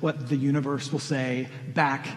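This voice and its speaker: A man's voice: mid-range voice, flat delivery, moderate pace. A middle-aged man preaching a sermon, earnest and direct, pressing questions on his congregation. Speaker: pastor. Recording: long reverb of a large hall.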